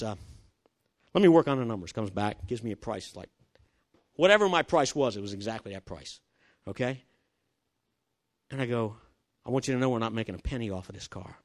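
A man's voice: mid-range voice, fairly bright tone. An older man preaching, telling a personal story with acted-out dialogue and chuckles. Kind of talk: sermon with personal testimony story.

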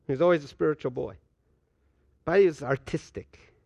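Older guy pastor preaching a sermon, acts out little dialogues, kinda high voice. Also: moderate pace, creaky, husky, no room sound, lo-fi sound. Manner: preaching with dramatic shifts between loud and hushed delivery.

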